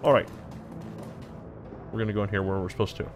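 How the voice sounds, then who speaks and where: A man's voice: lowish voice, fairly even intonation, fast, over music. A man hosting a let's play, commenting casually with fillers. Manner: casual, hesitant, with many fillers. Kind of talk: gameplay commentary.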